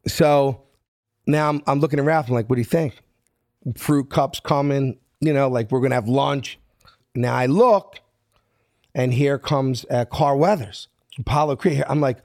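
A man's voice: medium pitch, normal speed, gravelly, a little mellow, dry recording, studio quality. A middle-aged man from South Philadelphia with a Philly accent, telling a story and acting out each person in it in street-smart talk. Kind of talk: animated storytelling.

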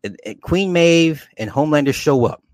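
A man's voice: a little high, lively intonation, moderate pace, dry recording. Casual male host, rambling and repetitive, dry close sound. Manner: rambling, repeats words, swears. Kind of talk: casual chat.

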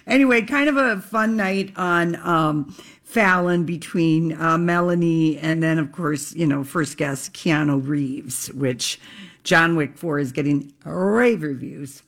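A woman's voice: low voice, slow. A woman hosting a radio show, chatting and gossiping about entertainment news. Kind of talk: casual chat.

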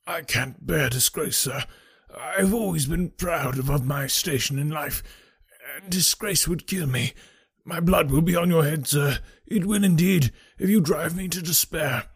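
A man voicing a proud, disgraced male butler in a storybook reading, hoarse with emotion and pleading slowly and quietly. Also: on the high side, no room sound, clean studio sound, exaggerated voice.

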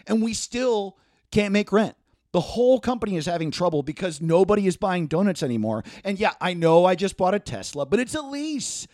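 A man's voice: sits high, no room sound, studio quality. A man voicing a smug male small-business owner who pleads with his staff, mock-sincere and insistent. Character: smug male donut shop owner, fake caring boss.

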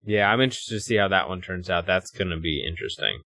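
A man's voice: low voice, animated, fast talker, creaky, bright, forceful tone, dry recording, studio quality. A man co-hosting a podcast, chatting casually and joking his way through the show's outro. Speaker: podcast co-host. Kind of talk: casual chat and show outro.

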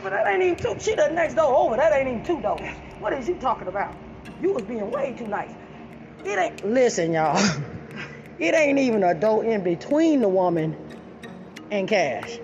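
A woman's voice: a little high, sing-song, moderate pace, music in the background. A woman telling a story in a casual way, blunt and profane, laughing often. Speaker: storyteller addressing an audience. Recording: dull lo-fi recording.

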